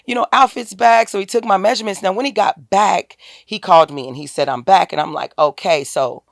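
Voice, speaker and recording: A woman, a guest on an interview podcast, telling a personal story in a casual, animated way and acting out the quoted dialogue with a lifted voice. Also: lowish voice, a little fast, vocal fry, no echo, studio quality. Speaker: podcast guest, tax business owner.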